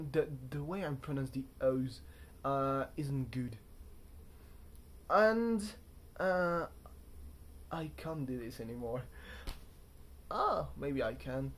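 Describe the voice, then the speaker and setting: A man's voice: mid-range voice, lively intonation, slow pace, long pauses. A young man talking to camera from a hotel room in a casual, rambling vlog, chatty and self-mocking as he wanders off on tangents. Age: young adult. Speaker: vlogger.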